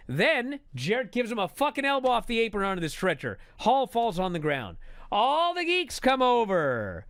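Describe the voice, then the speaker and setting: A man telling a story as a profane, exasperated rant that builds to shouting. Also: very high voice, normal speed, dry recording, studio quality. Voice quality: animated storyteller. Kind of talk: comedic rant.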